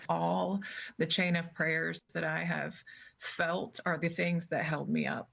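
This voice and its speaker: Husky, halting grieving mother. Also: deep voice, little pitch movement, a bit bright. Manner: slow, halting, with many pauses and fillers. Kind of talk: emotional interview testimony.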